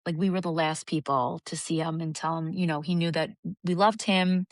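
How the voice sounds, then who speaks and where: A woman's voice: sits low, steady tone, a little fast, dry recording. A young adult woman co-hosting a podcast, talking in an earnest, reflective way in casual chat. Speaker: podcast co-host.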